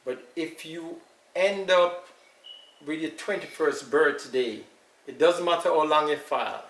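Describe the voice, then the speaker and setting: Older Jamaican man with gravelly voice. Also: fairly high pitch, a bit bright. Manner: unhurried, reminiscing storyteller. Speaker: elder being interviewed. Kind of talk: casual recollection. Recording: echoey room, far from mic, faint noise.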